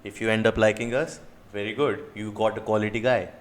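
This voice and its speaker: A man's voice: lowish voice, little pitch movement, brisk, echoey room. A man with an Indian English accent, a dating coach ranting in a reaction video, firing off indignant rhetorical questions and swearing.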